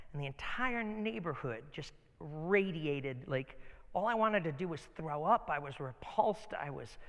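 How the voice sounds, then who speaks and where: A man preaching a sermon as pastor, telling stories in a casual, animated way in a church. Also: high voice, big-room sound.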